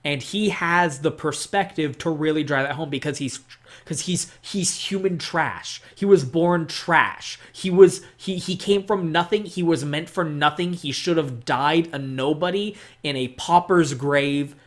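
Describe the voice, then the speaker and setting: Casual gaming host, mid-pitched voice, rambly and excitable, swears a lot and fills every pause with "like.". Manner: rambling, fills speech with "like", restarts sentences. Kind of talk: casual unscripted game discussion monologue.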